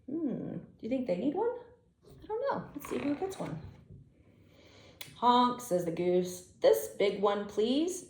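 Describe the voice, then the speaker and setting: A woman reading a children's picture book aloud, chatting and counting along gently with young listeners. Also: fairly high pitch. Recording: echoey room.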